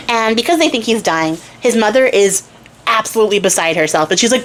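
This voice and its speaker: A woman's voice: mid-range voice, lively intonation, fast. Young woman, chatty slangy storyteller, irreverent. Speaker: craft channel host. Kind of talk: casual storytelling.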